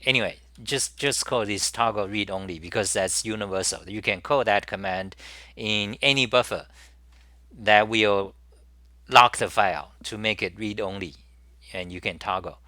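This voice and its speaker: A man hosting a live software demo, thinking aloud with halting restarts and repeated words as he works. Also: on the low side, no echo. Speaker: programming tutorial host.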